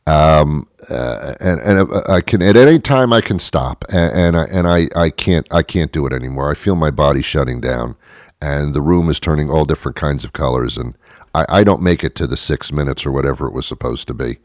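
A man's voice: very deep voice, fairly quick, dry recording, clean studio sound. A man telling a rambling, exaggerated comic story about himself, acting out the lines of the people in it. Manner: rambling, exaggerated, animated retelling with acted quotes.

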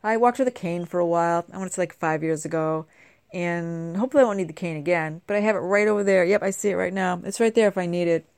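A middle-aged woman rambling to camera in a bubbly, chatty way, full of asides. Her voice sits on the low side and sounds a little stuffed-up and nasal from a cold. The sound is close and dry, with no room echo. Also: fast, a little mellow, clean tone. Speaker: vlogger. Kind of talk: casual chatty monologue.

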